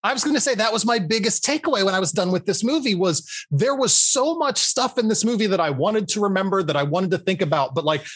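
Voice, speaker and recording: Lively, animated speaker in casual chat. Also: mid-range voice, fast talker, few pauses, breathy edge, no echo. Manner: animated, exasperated storyteller. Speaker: podcast co-host. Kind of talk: casual movie discussion.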